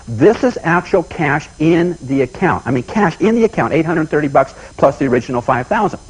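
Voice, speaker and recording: A man giving a motivational seminar talk, telling folksy personal stories in an animated way and often repeating himself. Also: on the high side, fairly quick, few pauses, husky, rough recording. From United States. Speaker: seminar speaker.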